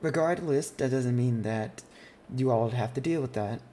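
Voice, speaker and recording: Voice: medium pitch, normal speed, mellow, a little hiss or hum. A game master casually narrating a tabletop roleplaying scene with plenty of fillers.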